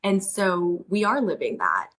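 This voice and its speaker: A woman's voice: on the low side, very animated, unhurried, fairly bright tone. A woman, hosting a reflective solo podcast and rambling with frequent restarts. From United States. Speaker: podcast host.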